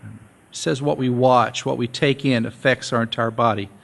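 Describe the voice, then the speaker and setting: A male pastor giving a relaxed, conversational sermon, joking with his congregation and repeating his key points. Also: mid-range voice, moderate pace, vocal fry. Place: church sanctuary.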